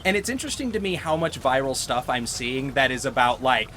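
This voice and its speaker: Lively, bright-voiced man rambling through a game. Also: mid-range voice, fairly quick, slight background noise. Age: middle-aged. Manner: rambling storyteller, laughs often. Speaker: gaming host. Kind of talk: casual let's-play chat.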